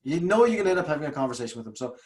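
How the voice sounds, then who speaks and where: A man's voice: a little high, big pitch swings, racing, darkish tone. A man telling stories in a casual interview, emphatic and often repeating himself. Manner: emphatic, repetitive, restarts often. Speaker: guest speaker, trauma coach.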